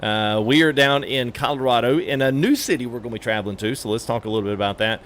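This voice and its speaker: A man's voice: mid-range voice, fast, a bit bright, a little hiss or hum. A man streaming a truck game, talking casually with many fillers and greeting his chat. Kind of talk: casual live-stream commentary.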